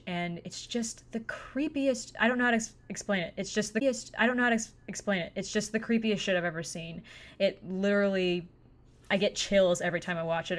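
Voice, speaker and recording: A young woman co-hosting a casual chat, talking in an easy, drawn-out way. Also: mid-range voice. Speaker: podcast co-host.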